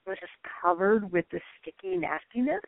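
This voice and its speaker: Woman's animated story over a tinny line. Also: medium pitch, moderate pace, dry recording. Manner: animated, frequent "like" fillers, laughs mid-sentence. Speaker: interview guest. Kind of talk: casual personal storytelling. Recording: tinny phone-like line, dry.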